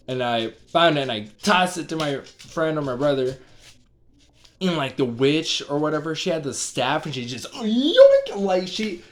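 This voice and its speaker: A man's voice: fairly high pitch, a bit bright, slight background noise. A young man casually retelling a strange dream, rambling with constant fillers and the odd swear word. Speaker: vlogger.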